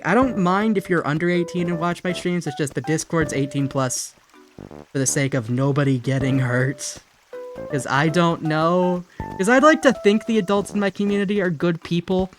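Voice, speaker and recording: A loose, wisecracking streamer chatting to viewers while playing, swearing casually and cracking up at their own tongue-twisted lines. The voice sits at an ordinary middle pitch, with faint game music murmuring underneath, and now and then it slides into a hammy mobster accent. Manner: joking, swears freely, laughs at own slips; slips into a put-on mobster accent. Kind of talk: casual live-stream chat.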